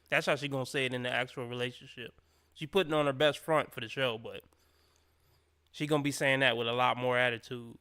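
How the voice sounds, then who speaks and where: A man's voice: medium pitch, fairly even intonation, a little fast, pushed and bright, clean tone. A man commenting on a clip during a livestream, blunt and profane, mocking people by quoting them.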